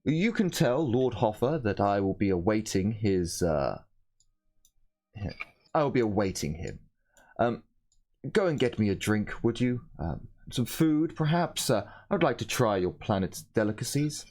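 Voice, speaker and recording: A man's voice: lowish voice, sing-song, darkish tone. A man playing a pompous starship captain. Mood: grandiose. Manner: haughty, theatrical, drawn-out speech. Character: pompous grand male starship captain, aristocratic.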